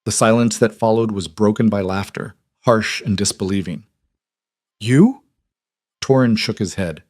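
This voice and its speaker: A man narrating a fantasy story in an even, measured way. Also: fairly low pitch, no echo, studio quality.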